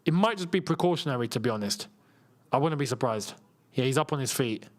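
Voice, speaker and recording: A man's voice: mid-range voice, lively intonation, fast. A young man hosting a live football watchalong, chatting casually, laughing often and reading viewer comments aloud.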